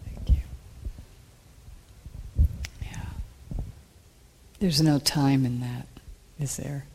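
Soft, gravelly group leader, off-mic. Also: fairly even intonation, extremely slow, whispered, rough recording. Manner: soft, affirming, low-key. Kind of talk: facilitating a group.

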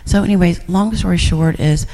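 A woman's voice: lowish voice, normal speed, mellow, in a large hall. A middle-aged woman sharing reflections in a class, rambling with many fillers and restarts. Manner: rambling, full of fillers and restarts, laughs often. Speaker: class participant.

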